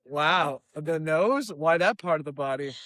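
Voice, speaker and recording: A woman hosting a comedy show, chatting in an animated, jokey way. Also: low-pitched, dry recording. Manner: animated, jokey, quick to slip into voices. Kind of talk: casual comedic chat.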